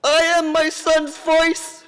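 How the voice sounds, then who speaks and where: A woman's voice: very high voice, completely flat delivery, takes it slowly, soft background music. A middle-aged woman, a grieving mother, making an emotional and defiant public address that breaks at times. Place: large assembly hall. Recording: reverberant hall sound.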